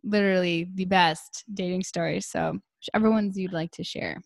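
A woman's voice: lowish voice, fairly even intonation, moderate pace, gravelly, dry recording, studio quality. A woman hosting a casual chat, laughing often and encouraging her guest. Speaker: podcast host.

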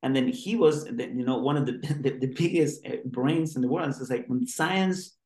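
A man's voice: medium pitch, moderate pace, a little mellow. Earnest rambling man in a roomy space. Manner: earnest, rambling, many restarts. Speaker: guest doctor. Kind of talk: interview conversation. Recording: roomy echo.

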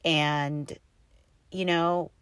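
A middle-aged woman with a low voice chats her way through a casual podcast episode. She rambles cheerfully from one story to the next, leaning on "like" as she goes. She records from inside a parked car, and the sound is close and dry. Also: steady tone, very slow, fairly bright tone, clean tone, no echo. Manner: rambling, upbeat storytelling with many "like" fillers. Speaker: podcast host. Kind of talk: casual chatty podcast monologue.

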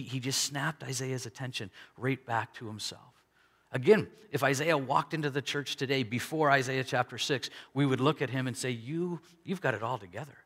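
A man preaching a sermon, conversational and animated, voicing the people in his story. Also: mid-range voice. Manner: conversational preaching with dramatic quoted dialogue. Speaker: pastor. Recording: long hall reverb.

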